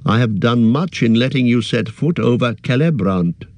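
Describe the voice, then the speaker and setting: A man's voice: mid-range voice, lively intonation, darkish tone, lightly acted. A man reading aloud and voicing a stern, noble male elf guard leader who speaks formally and evenly. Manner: formal, measured.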